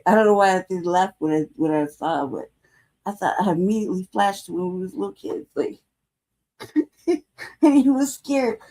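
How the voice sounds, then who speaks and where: A woman hosting a casual livestream, telling a long rambling story with laughs breaking through and plenty of swearing. Her voice is mellow and dark-toned, at an ordinary middle pitch. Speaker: livestream host.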